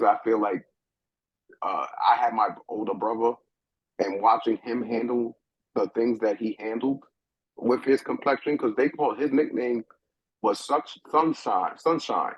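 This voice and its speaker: A husky middle-aged man from New York tells a personal story with lively, halting energy, circling back over his own words. The sound is dry and close, with a dull, lo-fi edge. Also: medium pitch, dry recording. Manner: animated, restarts often, repeats words while thinking. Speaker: guest.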